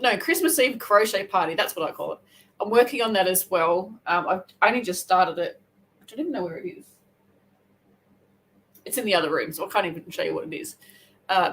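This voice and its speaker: Australian woman, crochet livestream host, relaxed rambling chat. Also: medium pitch, rough recording. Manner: chatty, rambling, quick self-corrections. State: hair wet, just out of the shower. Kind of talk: casual live chat.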